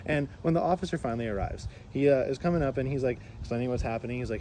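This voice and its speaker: Animated man telling a story outdoors. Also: mid-range voice, very fast, few pauses, a little hiss or hum. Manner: animated, with many fillers and restarts. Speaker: rideshare driver and musician. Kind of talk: casual storytelling vlog.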